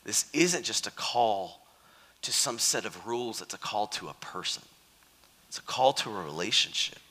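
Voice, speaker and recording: Animated preacher in a reverberant hall. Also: male voice, fairly low pitch, normal speed. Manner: animated, conversational, acts out quotes. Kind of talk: sermon.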